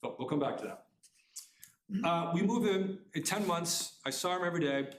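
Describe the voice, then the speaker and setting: A middle-aged man tells a personal story to a room, rushing through it with quick restarts. His voice sits at an ordinary pitch, and the room adds a noticeable echo. A faint hiss runs underneath. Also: expressive. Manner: fast, earnest, with restarts. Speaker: author giving a talk. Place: community center room. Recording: roomy hall sound.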